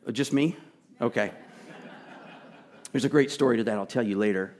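A man preaching a sermon, earnest and emphatic, chatting with asides and sometimes dropping to a soft, pleading voice. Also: fairly high pitch, normal speed. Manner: drops to a soft, intimate tone to plead. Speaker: pastor.

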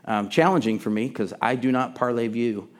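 A man from Texas talks to his congregation through the church microphone. His pitch sits in an ordinary middle range. He is chatty and informal, and he backs up and restarts his sentences as he goes. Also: animated, fairly quick. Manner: friendly, loose and chatty, with frequent restarts. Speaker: worship pastor. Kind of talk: conversational church address. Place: church service before a congregation. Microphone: sound system microphone.

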